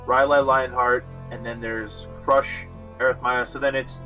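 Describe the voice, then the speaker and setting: A man's voice: mid-range voice, level tone, a little slow, bright, forceful tone, soft background music. A man playing a tabletop game, joking around and working through details aloud. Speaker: player. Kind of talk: casual tabletop game play.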